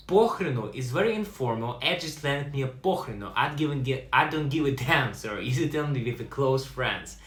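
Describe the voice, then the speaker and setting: A man teaching language in a lively way, slowing down to pronounce example words. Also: mid-range voice, roomy sound. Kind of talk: online language lesson.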